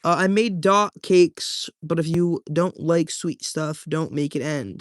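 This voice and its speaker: A man's voice: a little high, slow, no echo, clean studio sound. A young man casually chatting with his livestream viewers at home, loose and rambling, peppering his talk with dude and bro. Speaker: livestreamer reading chat.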